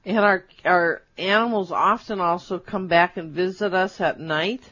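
Woman, co-host, lowish voice, gentle, muffled sound. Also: unhurried, slightly rough. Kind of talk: casual chat.

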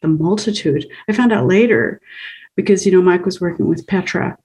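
Husky-voiced woman telling her story. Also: fairly low pitch, normal speed, darkish tone, low-quality recording. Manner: earnest, laughs often while recounting. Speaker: guest, author of a book. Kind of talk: casual interview storytelling.

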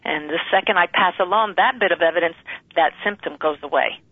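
A guest in a conversational interview, explaining things in a calm, assured way. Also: mid-range voice, brisk, no echo. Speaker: guest medium. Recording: tinny phone line.

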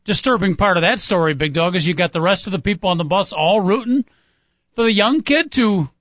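A man co-hosting a sports talk radio show, retelling events in an earnest, measured way. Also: sits high, fairly bright tone, no room sound. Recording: dull lo-fi, dry.

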